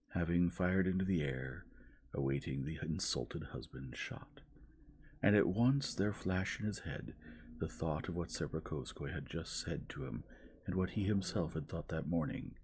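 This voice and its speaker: A man reading a classic novel aloud in a slow, hushed ASMR style. His voice is extremely deep and thick with gravelly fry. It is very husky, almost breathy throughout. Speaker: narrator.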